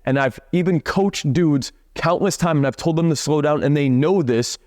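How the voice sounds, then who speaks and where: A man's voice: on the high side, a little mellow, dry recording, clean studio sound. Blunt, profane young male dating coach. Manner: blunt and profane, drawn-out slow emphasis. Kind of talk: direct-to-camera coaching talk.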